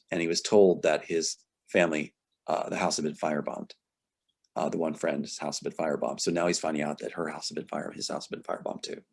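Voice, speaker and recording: A man's voice: low voice, darkish tone. A man in an interview, talking about his screenplay with passion, sometimes reading scenes aloud and getting emotional. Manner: passionate and emotional, voice rising sharply when indignant. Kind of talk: conversational interview, reading from a script.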